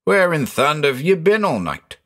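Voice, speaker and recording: A man voicing an excitable, superstitious middle-aged farmer with a folksy rural American drawl. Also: medium pitch, measured pace. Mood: excited.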